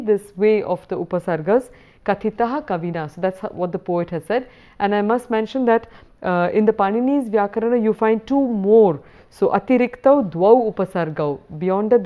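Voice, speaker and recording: Woman, lecturer, patient explaining, mid-pitched voice, slightly dull lo-fi recording. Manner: patient, explanatory, reads verse slowly.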